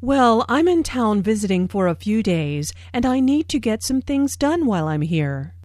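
A woman's voice: a little high, very animated, moderate pace, a little mellow, no echo, studio quality. A woman playing a friendly out-of-town visitor. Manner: friendly and light, clear. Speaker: visitor in a dialogue. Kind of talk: scripted language-lesson dialogue.

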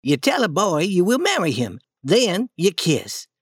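A woman voicing an eager, boastful young schoolboy in a storybook reading, coaxing and lively. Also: fairly low pitch, measured pace, slightly rough, no echo, studio quality, heavily acted.

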